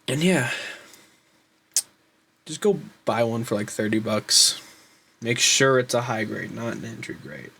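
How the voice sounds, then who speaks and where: A young man rambling in a casual show-and-tell vlog, swearing a lot and getting excited as he talks. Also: medium pitch, moderate pace, pauses often, husky. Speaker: hobby vlogger.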